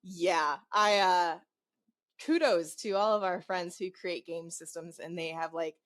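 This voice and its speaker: A woman co-hosting a podcast who talks in a casual chat style, often laughing. She speaks in quick bursts. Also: on the low side. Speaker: podcast co-host and game master.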